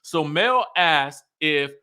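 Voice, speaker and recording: Casting: animated male recap host, slightly high voice, bright and forceful. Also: slow pace, clean tone. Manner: animated, chatty, laughs often. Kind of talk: casual reality TV recap commentary.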